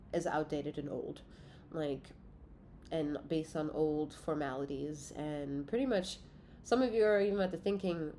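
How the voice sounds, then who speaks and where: A woman's voice: low voice, darkish tone, a little hiss or hum. A congested woman giving a casual, profane tarot reading to her viewers, giggling between cards. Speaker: tarot reader.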